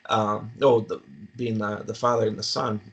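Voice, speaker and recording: A man talking casually as a podcast guest, laughing often and breaking into animated impressions. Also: lowish voice, moderate pace, creaky, breathy edge. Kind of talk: casual chat.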